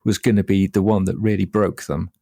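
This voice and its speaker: A man co-hosting a podcast, chatting casually and telling stories in a relaxed way, laughing easily. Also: sits low, fairly quick, vocal fry, dry recording, clean studio sound. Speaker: podcast co-host. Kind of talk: casual chat.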